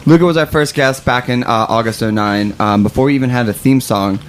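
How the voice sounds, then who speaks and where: A man co-hosts a podcast in a relaxed, meandering way. He trails off and restarts, leaning on fillers. His voice sits in a middle pitch, with faint noise behind him. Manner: loose, halting, with many fillers. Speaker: podcast co-host. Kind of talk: casual podcast chat.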